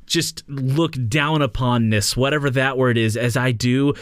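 A man co-hosting a casual parenting chat, full of joking deadpan asides. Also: mid-range voice, a little slow, smooth, dry recording, studio quality. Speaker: podcast co-host.

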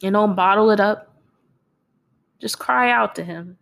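Tearful woman with a gravelly edge. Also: medium pitch, a little slow. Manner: earnest and encouraging, with soft laughs. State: tearful, crying. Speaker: speaker sharing faith. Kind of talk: personal devotional talk.

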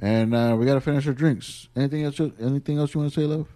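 A man chats loosely on his podcast. He laughs as he tells the tale and slips into impressions of his wife, at a middle pitch. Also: fairly even intonation, fast talker, mellow. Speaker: podcast host. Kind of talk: casual chat.

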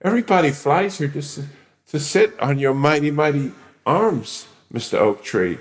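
A man's voice: lively intonation, normal speed. A man doing a gushing little American bird. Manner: gushing, high and breathless. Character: excitable small male bird, gushing.

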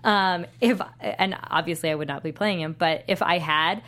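Animated woman chatting casually. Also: lowish voice, normal speed. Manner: animated, filler-heavy, laughing while talking. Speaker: podcast co-host. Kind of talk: casual chat.

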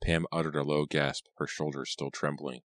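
A man narrating a teen thriller audiobook in a steady, suspenseful storytelling manner. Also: rumbling low, normal speed, no echo. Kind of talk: scripted narration.

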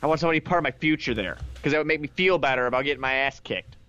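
A man's voice: mid-range voice, very fast, sharp tone, clear, resonant tone, no room sound, lo-fi sound. A man co-hosting a casual sports podcast, glum and complaining, stammering through his sentences. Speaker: podcast co-host.

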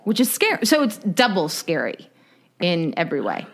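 A woman co-hosting a casual podcast chat, speaking in a halting way and joking to cope with a dark topic. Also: lowish voice, huge pitch swings. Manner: slow, halting, nervous laughter, jokes to cope. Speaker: podcast co-host. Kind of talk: casual conversation.

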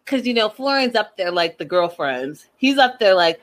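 A woman casually recapping a reality show in a sassy, chatty way, full of quick slangy asides. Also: medium pitch, sing-song.

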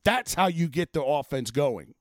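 A man's voice: on the high side, lively intonation, normal speed, no room sound, clean studio sound. A man hosting a sports podcast, ranting casually with plenty of swearing and exasperated asides. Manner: profane, exasperated, rambling.

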